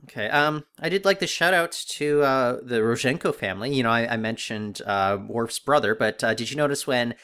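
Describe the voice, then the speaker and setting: A man co-hosting a casual podcast, griping in a wry, animated way with many fillers. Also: medium pitch, moderate pace, few pauses, smooth. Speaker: podcast co-host. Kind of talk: casual discussion of a TV episode.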